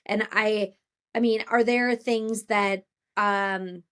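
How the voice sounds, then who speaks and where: A woman's voice: medium pitch, fairly even intonation, slow pace, fairly bright tone, smooth. Co-host, woman, mid-range voice, rambling conversational style, casual chat. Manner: rambling, thinks aloud with many fillers and restarts. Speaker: podcast co-host.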